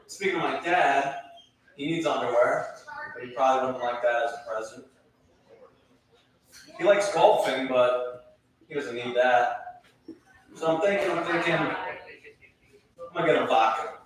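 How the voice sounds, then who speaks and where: A man doing a stand-up set at an open mic with dry, deadpan setups. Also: medium pitch, unhurried, long pauses. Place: bar stage at an open mic. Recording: echoey room, taped from far off.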